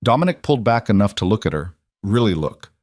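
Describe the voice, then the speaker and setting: Male narrator, low voice, dry close read of a dark romance. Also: big pitch swings, fast, no room sound.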